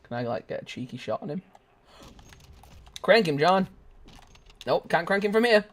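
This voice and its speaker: Sitting high and very animated, this young man's voice moves at a moderate pace. He's a gaming streamer playing a shooter, giving goofy, rambling live commentary punctuated by squeals, laughs and sung snatches.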